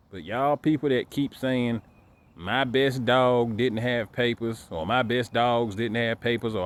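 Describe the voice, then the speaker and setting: A man giving a casual ranting monologue to camera, emphatic and repetitive, stumbling over repeated words. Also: on the low side. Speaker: dog breeder vlogger.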